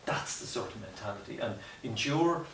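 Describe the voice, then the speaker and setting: A man's voice: on the low side, animated, moderate pace, fairly bright tone. A man as a podcast guest, telling his story in an earnest, reflective way with frequent "you know" asides. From Ireland. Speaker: guest, mountaineer. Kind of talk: conversational storytelling interview. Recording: roomy distant mic with faint hiss.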